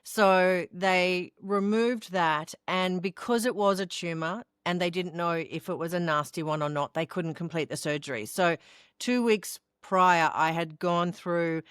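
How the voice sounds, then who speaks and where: Speaking a little slowly in a smooth, lowish voice, a middle-aged woman with an Australian accent recounts her life openly as an interview guest. She laughs while telling it and performs the voices of those she quotes, captured in clean studio sound with no room echo.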